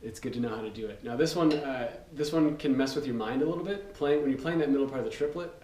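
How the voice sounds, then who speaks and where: Talking fast in a mid-range voice, a man teaches drum rudiments in an easygoing, loose manner, full of fillers and counts spoken aloud. The audio comes from a distant mic in a roomy space and carries loud noise.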